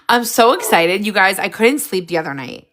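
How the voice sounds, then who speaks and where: A woman hosting a casual live stream, chatty and excitable, jumping from idea to idea with frequent laughs. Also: mid-range voice, slight background noise. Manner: excitable, jumps between ideas, frequent laughs.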